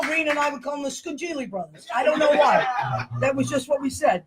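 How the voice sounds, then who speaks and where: A woman, hosting a show with loud, laughing, rambling talk. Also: sits high, fast talker. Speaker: host. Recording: noisy room sound.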